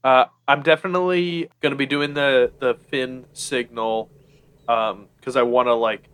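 A man's voice: mid-range voice, steady tone, moderate pace, a bit bright, clean tone. A man playing a tabletop game, describing his moves in a rambling, hesitant way. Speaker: player.

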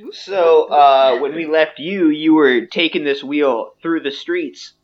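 A man acts as game master for a tabletop game, narrating at a slow, unhurried pace. He pauses often and laughs between lines. The recording sounds dull and lo-fi. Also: fairly high pitch.

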